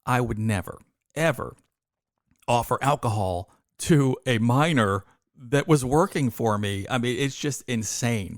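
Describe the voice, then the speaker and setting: A man's voice: medium pitch, no echo, clean studio sound. A man in his fifties, co-hosting a podcast, telling work stories in casual chat and acting out the people he quotes. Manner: animated, acts out quoted voices. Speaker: podcast co-host.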